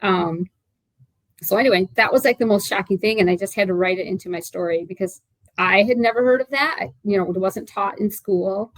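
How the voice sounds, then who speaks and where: Talking a little fast in a medium-pitched voice, a sixties-aged author rambles chattily through a casual interview, using lots of fillers and restarting often. The recording has no room sound but poor audio.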